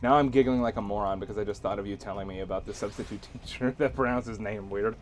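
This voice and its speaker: A man's voice: on the low side, steady tone, fast, slight background noise. A young man streaming a game, chatting loosely with lots of laughter and filler words as he rambles through a story. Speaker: gaming streamer. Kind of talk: casual livestream chat while gaming.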